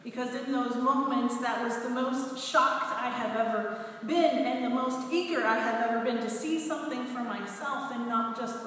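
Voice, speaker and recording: A woman pastor delivers a sermon, reading scripture and then telling a lively story. Her voice sits a little high, and she takes her time. The sound comes from some distance away in a church hall with a long, ringing echo. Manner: storytelling, animated and expressive. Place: church sanctuary. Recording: echoey hall, heard from a distance.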